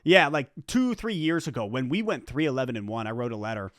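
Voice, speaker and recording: A man's voice: mid-range voice, animated, quick pace, a crowd in the background. A man co-hosting a casual sports podcast, telling stories with enthusiasm and acting out quotes. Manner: enthusiastic storyteller, quotes people in voices, laughs often. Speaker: podcast co-host.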